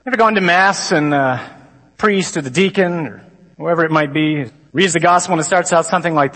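A man, a priest, giving a lively conference talk to a crowd of men. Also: on the high side, a little fast. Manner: lively, mimics stuffy readings. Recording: long hall reverb.

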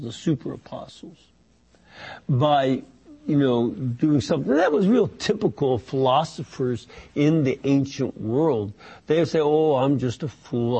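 A man teaching a Bible study, reading passages and explaining them in an unhurried way with many fillers and restarts. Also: mid-range voice, vocal fry, dark tone, slightly rough.

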